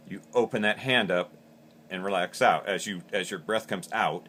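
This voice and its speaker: A man's voice: deep voice, normal speed, bright, forceful tone. A man teaching in a plain, practical way, explaining step by step and repeating words as he goes. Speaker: call maker instructor. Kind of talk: instructional demonstration.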